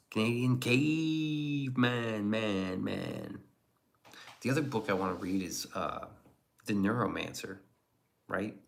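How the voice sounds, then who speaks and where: A man's voice: on the low side, gravelly. A man streaming casually and reacting to chat, rambling and profane with chuckling asides.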